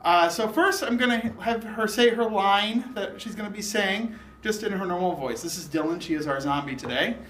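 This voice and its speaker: Man, casual science demo, explaining with fillers, high voice, echoey room. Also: moderate pace, fairly bright tone. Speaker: science demonstrator. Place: university lab room. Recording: echoey room, some background noise.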